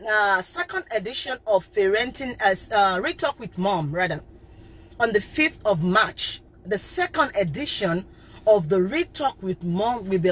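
Emphatic husky-voiced woman preaching on parenting. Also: mid-range voice, fairly bright tone. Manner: repeats and restarts phrases. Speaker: parenting coach and host. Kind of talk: live-streamed parenting talk.

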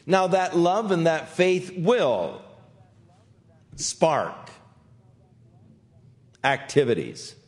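Older pastor with a lively pitch. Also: male voice, very slow, pauses often. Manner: gentle conversational teaching, acting out quotes softly. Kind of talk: verse-by-verse Bible teaching.

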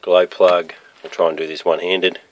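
A man walking around his rural property outdoors, explaining his fire sprinkler system in a plain, practical, matter-of-fact way with pauses. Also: sits low, little pitch movement, a little hiss or hum. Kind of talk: casual walkthrough narration. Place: outdoors on a rural property near a running pump.

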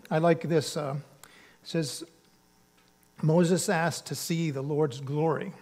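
A man's voice: a little high, steady tone, slow pace, darkish tone. Earnest male pastor preaching. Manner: earnest, conversational preaching with emphatic bursts. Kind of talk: sermon. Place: church sanctuary.

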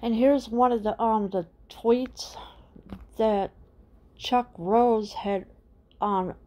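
A middle-aged woman rants straight at her audience. She speaks slowly and deliberately, her voice sitting a touch high. She hammers one indignant question after another. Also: steady tone, mellow. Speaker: channel host. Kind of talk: political rant to camera.

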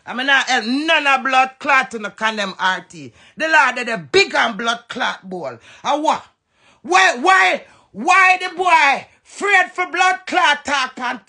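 A woman's voice: sits high, lively intonation, pushed and bright. A Jamaican woman ranting heatedly and profanely on a phone live stream. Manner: heated, profane, fast-switching rant.

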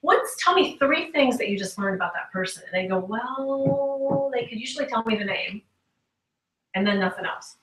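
A woman giving an upbeat motivational talk, slipping into little acted-out dialogues as she tells her stories. Her voice is bright and sharp, and it comes from a little way off in an echoey room. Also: mid-range voice, a little fast, far from the mic. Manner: animated storytelling, acts out quoted conversations. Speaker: guest speaker and sales trainer.

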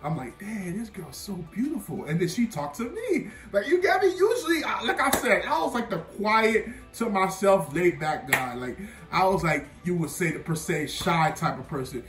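A young male vlogger with a high voice and big swings in pitch tells a personal story at a moderate pace, rambling, leaning on fillers, and laughing at himself. It's a casual storytime monologue, captured from a distance in an echoey room with faint music behind him.

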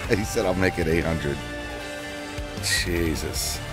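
Low-voiced guy chatting on his game stream, gets loud and excited, desk mic, music playing behind. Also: slow pace. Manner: excitable, chatty with viewers, sudden shouts. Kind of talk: casual live-stream chat. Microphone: desk microphone.

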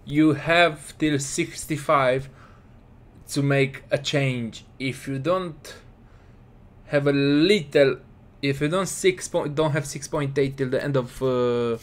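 A man with casually commentating his football game, excitable and scolding his players. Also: mid-range voice, slow pace. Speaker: gaming commentator.

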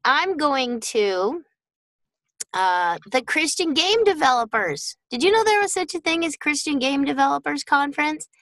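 Chatty bright-voiced middle-aged woman. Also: high-pitched, sing-song, unhurried, no echo, low-quality recording. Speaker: voice actress. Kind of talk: casual chat.

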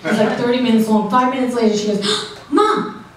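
Deadpan woman comic in an echoey club. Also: fairly high pitch, quick pace. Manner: dry, deadpan delivery of dark jokes with audience banter. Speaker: stand-up comedian. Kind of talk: stand-up comedy set. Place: comedy club stage. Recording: echoey club room from far off, noisy.

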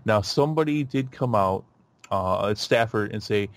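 A man hosting a podcast in a casual chat, rambling with lots of fillers and restarts and getting animated. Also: on the low side, moderate pace, no room sound. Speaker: podcast host.

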